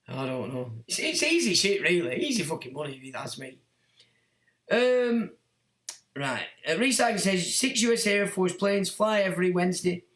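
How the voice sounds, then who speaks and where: A man's voice: high voice, fairly bright tone. A middle-aged man hosting a livestream, reading out chat comments and ranting in a blunt, crude, mocking way with plenty of swearing. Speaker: livestream host. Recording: echoey room.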